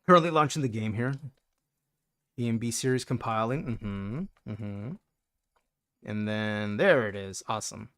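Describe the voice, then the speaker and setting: A man's voice: fairly low pitch, measured pace, long pauses, fairly bright tone, clean tone. A man livestreaming a game, chatting playfully with his viewers and greeting them by name. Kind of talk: casual gameplay chat with viewers.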